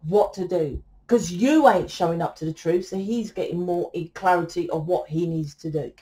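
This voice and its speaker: A woman's voice: lowish voice, normal speed, warm tone. A woman giving a casual tarot reading to camera. She talks bluntly, swears freely and keeps tagging her points with "right?". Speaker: tarot reader.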